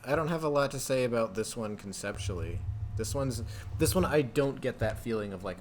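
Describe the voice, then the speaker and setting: A man's voice: medium pitch, animated, fairly quick, a little hiss or hum. A man hosting a show, chatting casually and asking curious questions. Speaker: show host. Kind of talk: casual conversation.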